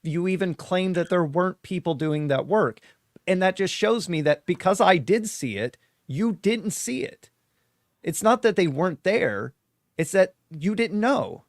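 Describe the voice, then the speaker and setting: A man with a somewhat high voice challenges a caller in a blunt, pressing way. The recording is dry, with no room sound. He keeps pushing the caller for evidence. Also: animated, unhurried, dry recording. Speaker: host.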